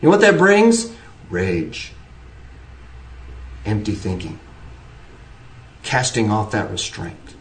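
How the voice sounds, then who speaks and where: A man's voice: lowish voice, huge pitch swings, slow, long pauses. A man preaching an earnest sermon, pressing his points with shifting emphasis and frequent restarts. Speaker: pastor. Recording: roomy, distant from the mic.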